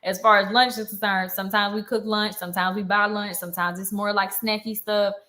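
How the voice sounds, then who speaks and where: A young woman vlogger ranting heatedly on a live stream, indignant and fast-talking, with features. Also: mid-range voice, little pitch movement, pushed and bright.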